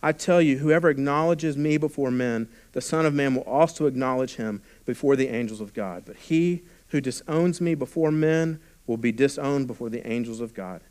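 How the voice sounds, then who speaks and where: A pastor preaching a sermon, reading scripture and explaining it, often dropping to a quiet, intimate tone and then rising with force. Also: male voice, mid-range voice, moderate pace, few pauses, smooth. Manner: preaching with sudden drops to a hushed voice and swells in volume.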